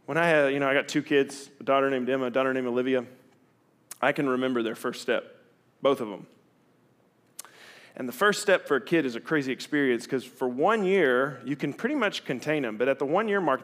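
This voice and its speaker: A middle-aged man, preaching a sermon in a candid, conversational way that swings from loud to hushed. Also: medium pitch. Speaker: pastor.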